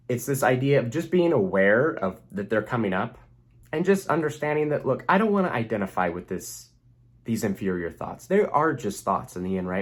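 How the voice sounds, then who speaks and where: A young man with a fairly low voice gives an earnest, motivational self-help talk to the camera as a relationship coach, repeating phrases for emphasis.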